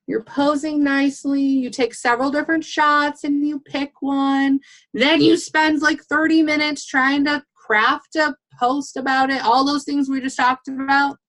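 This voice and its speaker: Young woman, high voice, fast blunt coaching talk, casual swearing, animated. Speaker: guest speaker on a team call.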